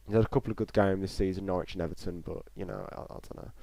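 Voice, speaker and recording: A man with a fairly low voice talks casually and bluntly as he hosts a live football reaction stream. He gives his opinions plainly and talks straight to the people watching. The sound is close and dry, with no room echo. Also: very fast, vocal fry, mellow.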